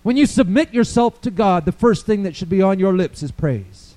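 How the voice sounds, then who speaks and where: A man preaching a sermon, swinging from quiet storytelling to loud, fervent declarations. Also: sits high, expressive, normal speed, low-quality recording.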